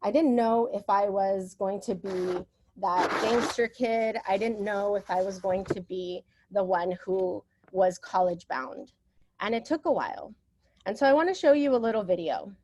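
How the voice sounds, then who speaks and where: A woman's voice: mid-range voice, moderate pace, background noise. A woman presenting at an education conference, speaking personally and reflectively about her school years. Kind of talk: conference talk.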